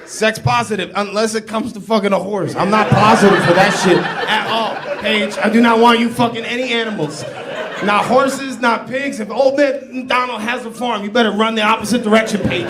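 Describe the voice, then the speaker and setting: A man doing crowd-work stand-up on a comedy club stage, brash and teasing, with loud bursts and mock apologies. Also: high-pitched, steady tone, normal speed, noisy background. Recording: live club recording, audience laughter.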